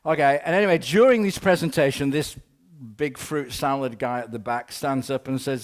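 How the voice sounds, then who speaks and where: A man's voice: mid-range voice, fast. Male speaker, mid-range voice, humorous storytelling talk, wry asides, rambling delivery. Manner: rambling, often restarts with "anyway". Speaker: keynote speaker.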